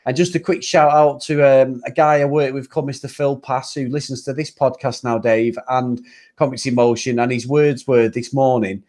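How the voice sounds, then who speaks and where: A man's voice: medium pitch, steady tone, normal speed, darkish tone. A man from Manchester with a Mancunian accent, co-hosting a football podcast in a chatty, casual way. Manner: chatty, laughs often, apologetic asides. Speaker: podcast co-host.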